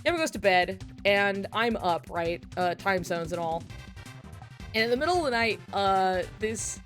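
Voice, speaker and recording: A woman's voice: medium pitch, animated, normal speed, faint music behind. Rambling woman streamer telling a story. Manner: rambling, filler-heavy, breaks into laughter. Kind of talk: casual storytelling to stream chat. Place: home streaming setup while drawing.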